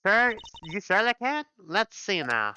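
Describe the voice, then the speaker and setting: A man's voice: high voice, very animated, measured pace, pushed and bright, slight background noise, voice pushed up, heavily acted. A man voicing a chatty, folksy Southern woman photographer with a put-on drawl. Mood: chipper. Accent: American Southern (put on).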